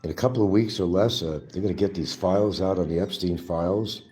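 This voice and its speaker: Low-voiced, fast and mellow, this livestream host rants through a profane, mocking political monologue on his own show, with faint music in the background.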